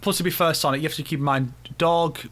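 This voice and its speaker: A man talking on a gaming podcast with a voice a little higher than most. He restarts his sentences, repeating words before settling into his point. It has a relaxed, conversational pace. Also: fast. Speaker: podcast co-host. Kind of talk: casual gaming chat.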